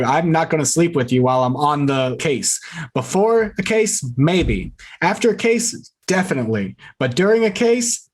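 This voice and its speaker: Man with a higher voice recapping a movie. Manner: animated storyteller acting out quoted lines. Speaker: podcast co-host. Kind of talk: casual chat recapping a movie plot.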